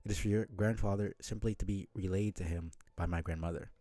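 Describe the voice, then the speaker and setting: A man's voice: low voice, steady tone, fast, dark tone, no echo, natural voice. A man voicing a brash young male adventurer who blurts out old-fashioned exclamations. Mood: flustered.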